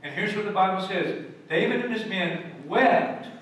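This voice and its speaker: A man preaches from the pulpit, high and bright, storytelling with emphatic swings between loud and hushed delivery. His voice rings through a very echoey church sanctuary, picked up from a distance with faint room ambience. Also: expressive, normal speed, a little hiss or hum. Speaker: pastor. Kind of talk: sermon. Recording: echoey church hall from far off.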